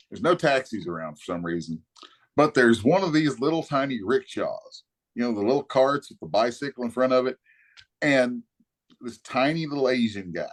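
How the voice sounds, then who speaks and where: Profane man telling stories. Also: mid-range voice. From Kentucky, USA. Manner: profane, animated storyteller. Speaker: guest, comic artist. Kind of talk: casual storytelling anecdote.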